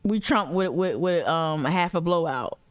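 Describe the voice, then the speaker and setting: A woman's voice: lowish voice, expressive, moderate pace, dry recording, studio quality. A woman hosting a livestream, giving blunt, sarcastic, profane commentary on clips. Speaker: livestream host. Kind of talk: heated commentary reacting to clips.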